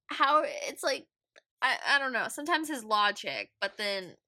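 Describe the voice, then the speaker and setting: Woman podcast co-host, high voice, bright sharp tone, gushing and exasperated. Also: big pitch swings, normal speed. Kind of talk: casual book-discussion chat.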